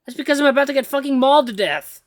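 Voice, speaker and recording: A man voicing a panicked, foul-mouthed young man held captive, yelling frantically. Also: extremely high pitch, lively intonation, fast, no echo, pitched above the performer's own voice, exaggerated voice. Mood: frantic.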